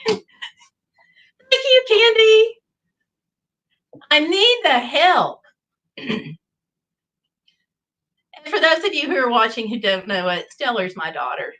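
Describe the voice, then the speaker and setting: A woman's voice: a little high, sing-song, a little slow, long pauses, bright, forceful tone, poor audio. A middle-aged woman hosting a casual livestream chat, reading viewer comments aloud and telling corny jokes in a playful, chatty way. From United States. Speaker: livestream host.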